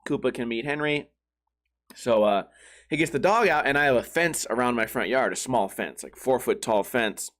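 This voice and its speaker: A man hosting his own show, chatting casually and swearing freely as he rambles through a story. His voice has a middle pitch for a man, and he breaks into other people's voices as he tells it. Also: expressive, normal speed, fairly bright tone. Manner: profane, rambling, acts out quoted voices. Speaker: podcast host.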